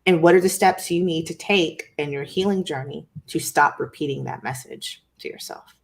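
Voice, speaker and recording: A woman guest giving a wellness reading in a casual chat, calm and measured, asking rhetorical questions. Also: low-pitched, gravelly. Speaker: guest energy healer.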